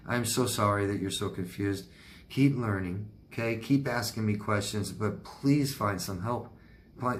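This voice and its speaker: A man's voice: lowish voice, slight background noise. A man working as a life coach, answering viewer questions on video in a blunt, emphatic way, repeating his advice, with sympathetic sighs and exclamations.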